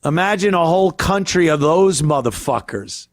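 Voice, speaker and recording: A man's voice: a little high, expressive, normal speed, no echo, studio quality. A male host ranting in a crude, profane, rambling way on a casual comedy podcast.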